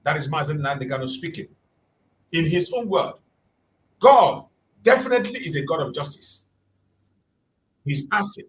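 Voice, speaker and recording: A channel host from southeastern Nigeria delivers fervent political commentary, driving his points home through emphatic repetition. His fairly high voice is very animated at a normal speed with frequent pauses, and the poor recording carries some hiss or hum.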